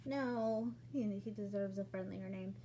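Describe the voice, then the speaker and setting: A woman telling a personal story in a casual vlog, acting out what people said with sudden jumps in pitch and loudness. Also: a little slow, a little hiss or hum. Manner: animated, acts out quoted lines with sudden jumps in pitch and loudness.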